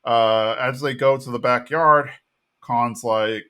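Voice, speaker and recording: A man's voice: medium pitch, steady tone, slow, sharp tone, smooth. A man co-hosting a podcast, recapping a TV episode in easygoing casual chat and thinking aloud as he goes. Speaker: podcast co-host.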